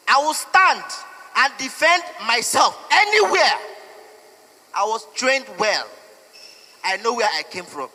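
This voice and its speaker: A man's voice: very high voice, sharp tone, in a large hall. A young Nigerian man giving an emotional, defiant statement, pleading and declaring. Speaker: protester. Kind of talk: impassioned street statement.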